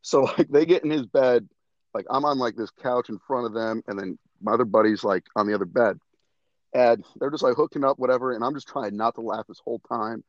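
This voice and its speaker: A man's voice: mid-range voice, a little fast, dry recording, dull audio. A young man on a podcast, telling stories in casual chat and breaking into laughter as he goes. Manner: animated, laughing storyteller. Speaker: podcast guest.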